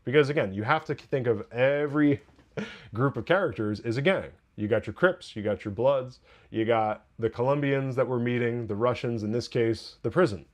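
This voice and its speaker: A man hosting a podcast, reviewing a TV episode in casual solo talk, chatty and excitable, laughing often and breaking off to restart his points. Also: mid-range voice.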